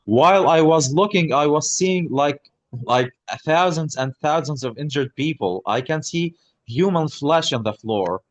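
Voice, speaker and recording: Podcast guest: man in his thirties, halting and blunt, dry close recording. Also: a little high, expressive, dry recording. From Gaza. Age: 30s. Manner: halting, many restarts, blunt swearing. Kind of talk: personal account in an interview.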